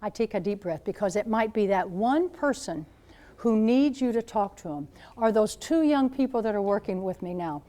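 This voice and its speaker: A woman in her seventies, a Catholic nun speaking to high school students as a guest speaker, telling stories in an animated way and acting out what people said. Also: moderate pace. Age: 70s. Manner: animated storyteller, acts out quoted voices. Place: school gathering room.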